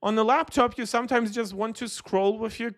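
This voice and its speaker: A male streamer with a notably high voice reacts live to a tech video. He argues back at every point, cutting in and waving complaints away as nitpicks. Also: fairly even intonation, a little fast, a bit bright. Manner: argumentative, interrupting, dismissive.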